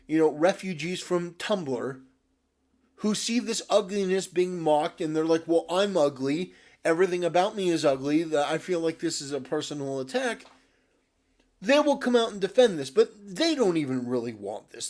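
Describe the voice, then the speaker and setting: A male commentator with a slightly higher voice rants in a sarcastic, exasperated tone. He swears often and keeps restarting his sentences as he builds his argument. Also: darkish tone. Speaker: video commentator. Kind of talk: ranting commentary.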